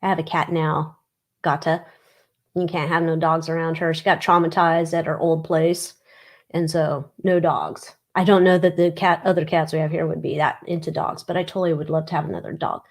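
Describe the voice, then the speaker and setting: A woman's voice: deep voice, flat delivery, moderate pace. A woman hosting a casual livestream, chatting bluntly and reading viewer comments. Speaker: livestream host.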